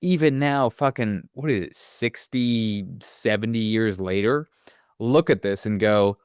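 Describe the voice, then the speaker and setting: Smooth-voiced podcast co-host, profane and rambling. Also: male voice, fairly low pitch, measured pace, no room sound, studio quality. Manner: rambling, profane, animated asides. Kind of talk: casual movie podcast chat.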